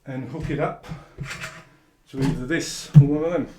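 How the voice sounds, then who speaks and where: A man chatting casually as he brews and pours his own beer in a home bar shed, relaxed and asking tag questions. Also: mid-range voice, normal speed, background noise. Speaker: home brewer. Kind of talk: casual how-to chat. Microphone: camera mic, held by a helper.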